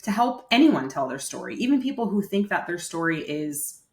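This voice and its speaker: A woman's voice: fairly low pitch, sing-song, normal speed, a little mellow. Chatty woman, roomy echo. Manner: chatty, many "like" fillers. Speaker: guest, nurse coach. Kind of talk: casual interview storytelling.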